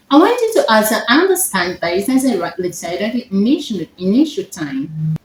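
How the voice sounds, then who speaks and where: A woman tutoring phonics one-on-one, speaking slowly and repeating herself to check that her student follows. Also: medium pitch, big pitch swings. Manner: slow, repetitive teacher checking understanding. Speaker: phonetics tutor. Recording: echoey room with faint noise.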